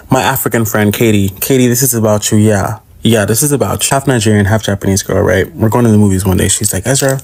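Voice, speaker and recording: A man from Jamaica with a Jamaican accent, ranting in a profane, exasperated reaction video. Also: quick pace. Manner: exasperated, profane, swings pitch for emphasis.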